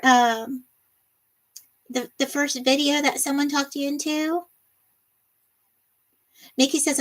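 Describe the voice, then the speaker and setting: A middle-aged woman hosting a casual livestream, reading viewer comments aloud and laughing often in a bubbly, chatty way. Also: high voice. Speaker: livestream host.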